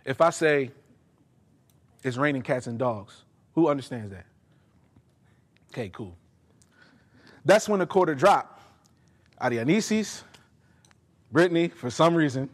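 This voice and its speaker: A man's voice: mid-range voice, expressive, unhurried, long pauses. A man preaching a sermon, emphatic and speaking directly to his congregation in a church. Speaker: pastor. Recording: long hall reverb.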